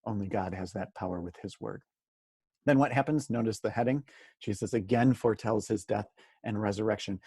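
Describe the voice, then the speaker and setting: Husky low-voiced man teaching the Bible. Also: brisk, darkish tone, no echo, clean studio sound. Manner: earnest, asks rhetorical questions, repeats words for emphasis. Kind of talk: daily Bible study talk.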